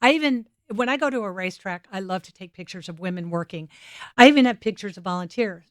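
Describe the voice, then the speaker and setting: A woman's voice: medium pitch, fast talker, no room sound, clean studio sound. A woman guest on a motorsports podcast, chatting casually and acting out the people in her stories. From United States. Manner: animated, acts out quoted dialogue. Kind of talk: casual storytelling interview. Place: studio set.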